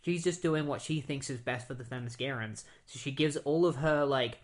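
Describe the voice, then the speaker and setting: A man's voice: medium pitch, normal speed. Young man, podcast host, casual comic recap, rambling, lots of fillers, mid-range voice. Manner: rambling, fillers, says "like" a lot.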